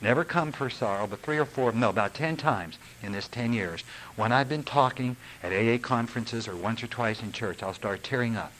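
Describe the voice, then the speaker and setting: A man's voice: medium pitch, moderate pace, a bit bright, slight background noise, poor audio. An older man giving an earnest, rambling, confessional recovery talk. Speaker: recovery speaker.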